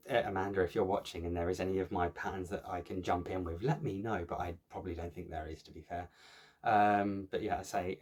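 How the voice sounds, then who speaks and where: A cross-stitch vlogger with a slightly low voice chats casually to the camera for his viewers. He rambles in a friendly, jokey way, laughing at himself when his jokes fall flat, and his speech is packed with ums, uhs and false starts.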